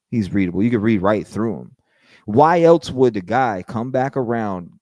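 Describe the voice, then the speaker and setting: Man hosting a livestream, profane and animated, dry close sound. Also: medium pitch, dry recording. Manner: profane, animated, mocks with put-on quotes. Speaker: livestream host. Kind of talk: casual livestream commentary.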